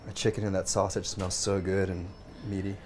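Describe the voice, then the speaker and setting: A man's voice: low-pitched, level tone, fairly quick, darkish tone, a little hiss or hum. A man hosting a radio cooking show, chatting eagerly about food in a kitchen. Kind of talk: casual cooking chat. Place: kitchen indoors.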